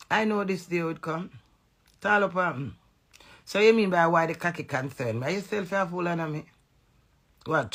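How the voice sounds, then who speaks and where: Jamaican woman, middle-aged, angry profane rant to camera, gravelly, sharp tone. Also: lowish voice. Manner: heated, profane, confrontational. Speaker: social media personality.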